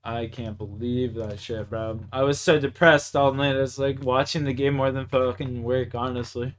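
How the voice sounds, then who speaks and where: A man's voice: mid-range voice, steady tone, moderate pace. A young man from Canada with a Canadian accent, chatting casually in a laid-back, profane, slangy way. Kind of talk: casual chat.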